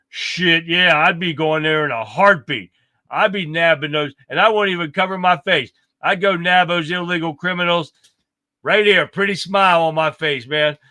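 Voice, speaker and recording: Reading headlines on his live political commentary stream, a man reacts bluntly and with lots of profanity. His voice sits high with a sharp edge, and there's no room sound in the recording.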